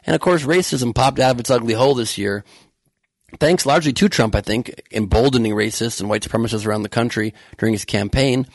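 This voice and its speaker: Sarcastic, gravelly podcast host. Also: male voice, mid-range voice, fairly quick, dry recording. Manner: sarcastic, profane, heated. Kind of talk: comedic political rant.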